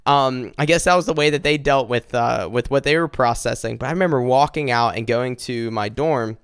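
A man earnestly telling a personal faith testimony, halting and restarting as he speaks directly to his listeners. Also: mid-range voice, clean tone, no echo, studio quality.

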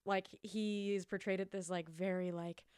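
A woman's voice: medium pitch, little pitch movement, normal speed, a little mellow, clear, resonant tone, dry recording, clean studio sound. A young woman co-hosting a podcast, chatting casually with lots of fillers and jokes. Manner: chatty, filler-heavy, jokey. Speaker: podcast co-host. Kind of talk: casual movie recap chat.

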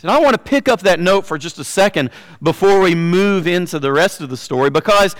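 A man with a high, light voice preaches a sermon in a church, talking in an easy, conversational way. He drops in fillers and drags out the words he wants to land. The sound rings with a long reverb from the big room. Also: expressive. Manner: conversational, with fillers and slowed emphasis on key words. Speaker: pastor.

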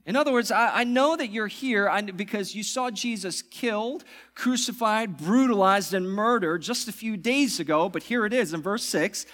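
A man preaching a sermon as pastor, swinging from loud, excited passages to hushed, reverent ones. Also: high-pitched, normal speed, few pauses.

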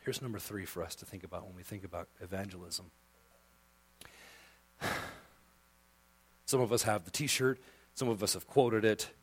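A male pastor preaching a sermon with passion, dropping to a hush and then rising to loud emphasis. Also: on the low side, normal speed, long pauses, slightly rough. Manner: impassioned, swings from hushed to loud emphasis.

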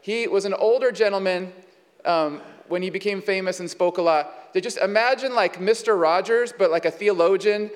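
A pastor with a high voice preaches a sermon at normal speed, the recording carrying a big-room sound. He's conversational, with many fillers, asides and rhetorical questions.

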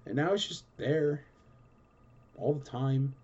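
A man's voice: mid-range voice, slow pace, a little mellow, breathy edge, lo-fi sound. A man hosting a collector show, answering viewer questions in a rambling, enthusiastic, casual way with lots of fillers. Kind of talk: casual chatty Q&A.

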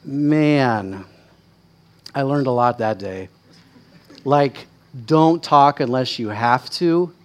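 A male pastor with a mid-range voice telling stories from the pulpit in a loose, conversational way. He is candid and self-deprecating and keeps checking in with his listeners. His voice climbs higher and louder when the story gets going. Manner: candid, self-deprecating, chatty with frequent "right?" asides; lively, rising in pitch and volume when excited.

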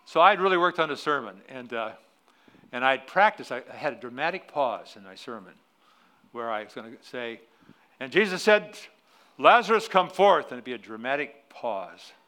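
A middle-aged man preaching a sermon in a church, telling a story with loud emphatic peaks that drop to quiet, then closing in prayer. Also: mid-range voice, lively intonation, moderate pace. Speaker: pastor. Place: church sanctuary.

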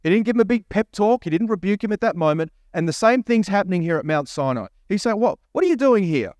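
Man preaching a sermon, higher-pitched, dry sound with no room echo, engages listeners with questions. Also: animated, fast, darkish tone. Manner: preaching with rhetorical questions to the congregation; reads scripture aloud, voicing the prophet's lines. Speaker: pastor.

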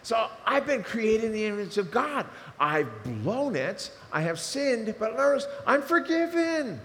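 A man preaching a sermon, animated and emotional, swinging between loud fervor and hushed asides. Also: high-pitched, measured pace. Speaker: pastor. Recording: reverberant hall with faint noise.

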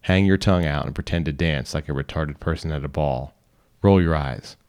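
Very deep-voiced man reading a story. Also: a little fast. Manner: calm, instructional second-person reading. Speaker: reader. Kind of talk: scripted narration.

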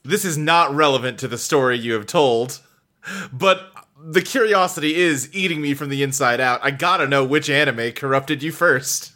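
A man's voice: medium pitch, pushed and bright. A man hosting a podcast, playful and joking in casual chat. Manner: playful, quick to laugh, nerdy jokes. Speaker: podcast host.

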